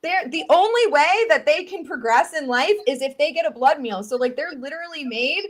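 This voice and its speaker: High-voiced chatty Southern woman. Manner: chatty, animated, quick asides and laughs. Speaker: guest tick researcher. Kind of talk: casual chat, video podcast.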